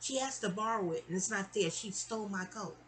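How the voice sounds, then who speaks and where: A woman's voice: medium pitch, fairly quick, slight background noise, close to an everyday voice. Indignant aunt, as a woman storyteller quotes her. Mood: accusing. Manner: accusing, scolding.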